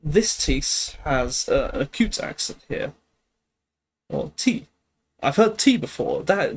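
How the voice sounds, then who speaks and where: Musing man thinking aloud, animated pitch. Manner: musing, hesitant, checks himself aloud. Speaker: streamer studying Greek. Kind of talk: live-streamed study session, thinking aloud.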